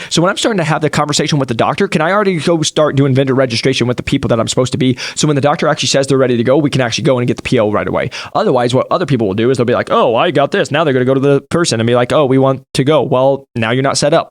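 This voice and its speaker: A man's voice: medium pitch, no echo, studio quality. A man hosting a podcast, giving an emphatic motivational talk straight to his listeners. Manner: emphatic, direct, addresses listeners as you guys. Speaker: podcast host and sales coach. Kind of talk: motivational monologue.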